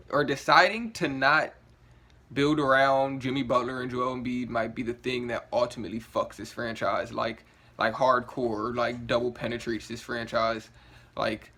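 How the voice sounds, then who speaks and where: A man talking straight to camera in a loose, frustrated rant, his thoughts spilling out in restarts and filler words. He sounds groggy, yawning now and then after just waking up. His voice sits in an ordinary middle pitch. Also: a bit bright. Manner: frustrated, rambling, swearing, many "like" fillers. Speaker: sports vlogger.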